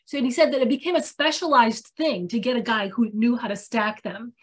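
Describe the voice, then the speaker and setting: Woman, high voice, casual talk, lively storytelling. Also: fairly quick, breathy edge. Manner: animated storyteller, acts out quoted speech. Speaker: co-presenter.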